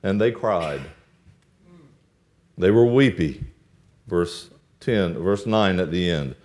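A man's voice: deep voice, lively intonation, slow pace, darkish tone. A male preacher retelling a Bible story in a sermon, acting out the characters' lines as he goes.

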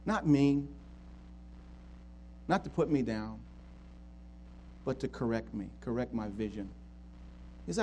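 A man preaching a sermon as a pastor, swinging from hushed tenderness to loud pleading questions. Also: mid-range voice, lively intonation, takes it slowly, long pauses, slight background noise.

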